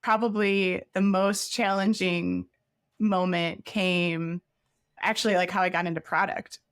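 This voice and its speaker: A woman's voice: lowish voice, steady tone, measured pace, clean tone, dry recording. Middle-aged woman, candid interview guest, chatty storyteller, dry booth sound. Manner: chatty, frequent "like" fillers, laughs while recounting. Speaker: guest, former head of product.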